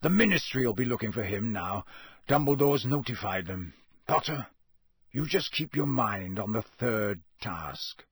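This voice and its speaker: A man voicing a gruff, grizzled old male wizard in an audiobook, slow and growling with a husky voice. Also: mid-range voice, expressive, dry recording. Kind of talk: audiobook character voice.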